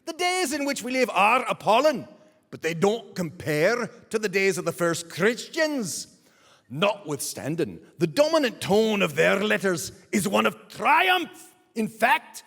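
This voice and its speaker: A man's voice: sits high, gravelly, a bit bright, in a large hall, pitched above the performer's own voice, heavily acted. A man doing a fiery old Scottish preacher. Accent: put-on Scottish brogue. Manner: impassioned, declaiming, scolding. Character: fiery older Scottish male preacher, triumphant.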